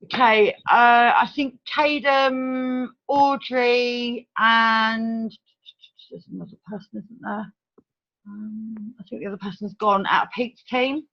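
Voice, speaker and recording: A woman hosting a team training over a video call, talking in a brisk, chatty, organizing way. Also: a little high, steady tone. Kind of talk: casual online meeting talk. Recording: dull video-call audio.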